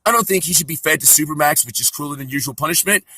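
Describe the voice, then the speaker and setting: A man's voice: fairly high pitch, racing, sharp tone, breathy edge, no echo, low-quality recording. A man delivering a profane, sarcastic comedy rant.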